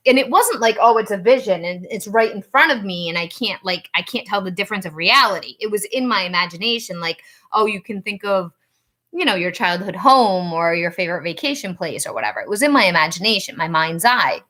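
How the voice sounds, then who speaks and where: Bright-voiced woman storytelling. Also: moderate pace. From Rhode Island. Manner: animated, acts out quoted dialogue with rising pitch. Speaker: psychic reader and channel host. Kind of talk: casual storytelling to camera.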